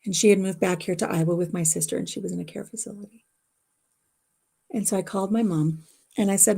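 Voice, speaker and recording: Chatting casually with her livestream viewers from home, a middle-aged woman rambles emotionally through a family story. Her mid-range voice is husky, gravelly and dark, with a steady tone, a quick pace and frequent pauses.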